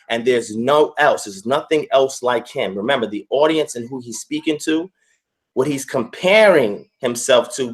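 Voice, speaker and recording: A man giving an online scripture lesson on a video call, going over each point step by step and repeating it for emphasis. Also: medium pitch. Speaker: guest teacher.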